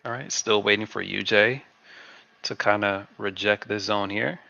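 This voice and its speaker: A man talks through a live trading session in a relaxed way, often repeating himself. His voice is heavily gravelly yet bright and forceful, and sits a little low. The audio is dry and dull, like a lo-fi desk mic. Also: measured pace, no echo. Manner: laid-back, repeats phrases to himself. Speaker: trading stream host. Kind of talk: live market commentary.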